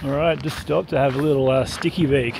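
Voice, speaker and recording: A man's voice: mid-range voice, steady tone, a little fast, gravelly, noisy background. A young man narrating a casual travel vlog outdoors, with dry, offhand humour. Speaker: travel vlogger. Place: outdoors, remote mountain roads.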